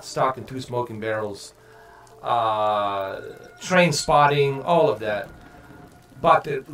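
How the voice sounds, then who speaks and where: A man's voice: medium pitch, bright, forceful tone. Man rambling casually on a game stream. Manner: rambling, profane, many fillers and restarts. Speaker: gaming streamer.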